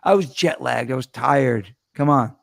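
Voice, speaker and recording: A man hosting a casual chat show, telling rambling stories with quick laughs and restarts. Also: medium pitch, gravelly. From New York. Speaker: host.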